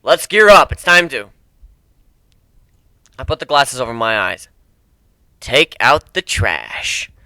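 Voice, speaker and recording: A man's voice: mid-range voice, very animated, slow, pauses often, pushed and bright, dry recording. A man reading a story aloud in the first person, brash and crude with a casual swagger. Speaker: amateur reader.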